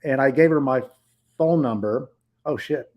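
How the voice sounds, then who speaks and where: A man's voice: medium pitch, unhurried, lo-fi sound. A middle-aged man who owns short-term rentals, telling viewers a story in a blunt, profane, heated way.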